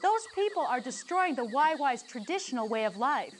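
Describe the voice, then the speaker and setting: A calm, high-voiced anthropologist. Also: female voice, normal speed, a little hiss or hum. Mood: informative. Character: earnest female anthropologist living with a tribe. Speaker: in-game anthropologist character.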